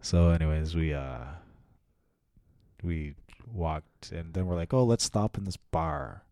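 A man with a very low, mellow voice tells a rowdy story in a relaxed, cursing chat. The sound is close and dry, with no room around it. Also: slow, no echo. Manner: swearing, animated anecdote telling. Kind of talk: casual chat.

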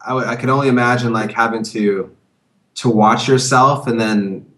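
A man in a casual chat, easygoing and halting, often repeating words as he gathers his thoughts. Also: mid-range voice, steady tone, a bit bright, roomy sound. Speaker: documentary editor.

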